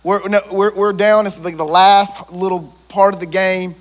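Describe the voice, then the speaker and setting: A man, a pastor preaching a lively sermon and joking with his congregation. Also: sits high, moderate pace.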